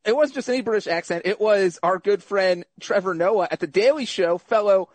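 A man's voice: high voice, moderate pace, no room sound. A man co-hosting a podcast, teasing and playful in casual chat. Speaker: podcast co-host.

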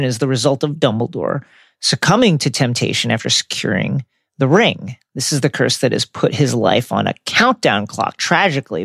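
A man co-hosting a book discussion podcast, retelling chapters in a wry, lively way. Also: mid-range voice, gravelly, dry recording, studio quality. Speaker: podcast co-host.

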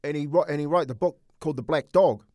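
A middle-aged man, a former coach, telling a personal story in casual sports chat with earnest, halting repeats. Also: a little high, mellow, no echo, studio quality. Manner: earnest, storytelling, repeats words while thinking. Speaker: former rugby league coach, co-host.

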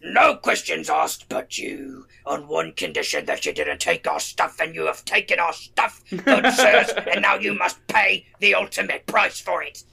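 An indignant brute of a giant, put on by a man running a tabletop game, bellowing his grievance in a high, gravelly, raspy voice. The tone is bright and strained. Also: sing-song, unhurried, few pauses, heavily acted. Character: angry brutish male giant Ettin.

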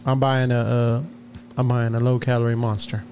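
A man's voice: mid-range voice, little pitch movement, normal speed, a little mellow. A man co-hosting a podcast, telling a rambling story in casual chat, laughing a lot and restarting his sentences. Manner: rambling, laughs often, many fillers and restarts. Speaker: podcast co-host.

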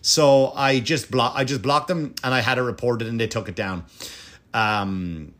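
A man's voice: medium pitch, unhurried, fairly bright tone. A male comedian ranting in a casual monologue, rambling and swearing with many restarts. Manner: rambling, profane, lots of restarts and fillers.

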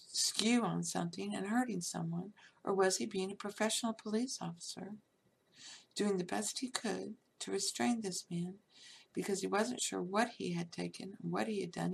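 A woman delivers an off-the-cuff monologue in a gravelly, raspy voice. She is emphatic and rambling, scattering "you know" throughout, and often turns scolding. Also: mid-range voice. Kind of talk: unscripted monologue.

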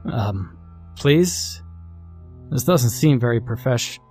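A man's voice: mid-range voice, animated, slow, mellow, faint music behind. A man voicing an uneasy father who talks in a hesitant, pleading way. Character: nervous, uneasy father renting a car.

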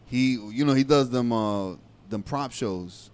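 A man's voice: medium pitch, measured pace, a little mellow, smooth. A man co-hosting a casual podcast, talking animatedly in profane street slang. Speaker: podcast co-host.

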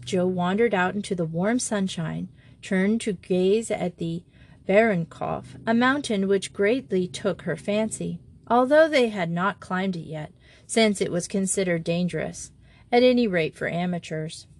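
A woman reads a storybook aloud in an unhurried, measured manner. Her pitch sits mid-range for a woman, and she takes each phrase slowly. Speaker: audiobook narrator. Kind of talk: scripted narration.

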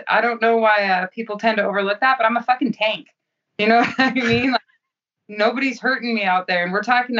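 A woman's voice: medium pitch, fairly bright tone, recorded from a distance, lo-fi sound. A woman fighter giving blunt, profane, self-assured interview answers.

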